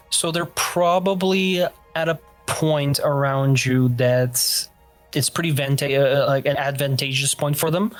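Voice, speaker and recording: A man running a tabletop game as game master, describing scenes in a casual, rambling way. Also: mid-range voice.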